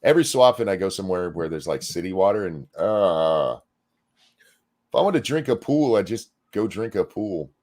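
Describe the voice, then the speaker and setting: Man, low voice, lively swings in pitch, blunt, sarcastic, casual commentary co-host. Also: normal speed. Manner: blunt, sarcastic, swears freely, reads viewer messages aloud. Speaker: podcast co-host. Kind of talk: casual political commentary chat.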